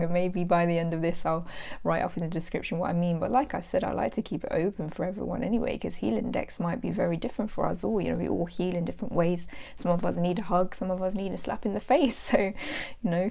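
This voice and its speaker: This tarot channel host, a young adult woman, rambles chattily through a casual vlog with plenty of fillers. Her voice runs on the low side, creaky and warm, with a nasal quality from hay fever.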